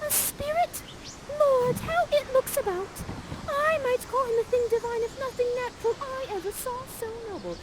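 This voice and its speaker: A woman's voice: extremely high pitch, expressive, moderate pace, very noisy, pitched above the performer's own voice. A woman voicing a gushing, lovestruck young princess in a breathless, swooning, theatrical way.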